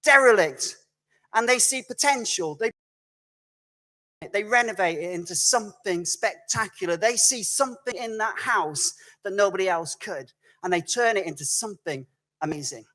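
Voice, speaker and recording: A man's voice: high-pitched, normal speed. Man telling a storytelling sermon. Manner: conversational, animated storytelling with self-corrections. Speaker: guest preacher. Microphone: recorded video message.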